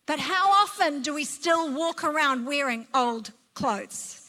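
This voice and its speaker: Woman preacher, high voice, emphatic storyteller, recorded in a big reverberant hall. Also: animated, unhurried, few pauses, bright, forceful tone. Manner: emphatic, vivid storytelling with sweeping pitch. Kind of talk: sermon. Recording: long reverb of a large hall.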